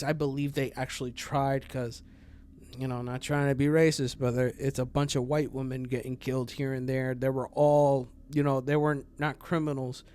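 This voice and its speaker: Guy riffing on true crime, slightly high voice, swears a lot, lots of likes and you knows. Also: a little mellow, clear, resonant tone. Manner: rambling, profane, full of fillers, laughs at his own jokes. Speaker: true crime channel host. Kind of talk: casual true crime commentary.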